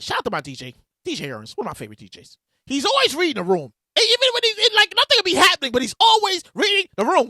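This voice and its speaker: A woman in her thirties hosting a solo podcast, telling stories in a casual, profane, animated way and acting out quotes loudly. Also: sits high, no room sound, studio quality. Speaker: podcast host.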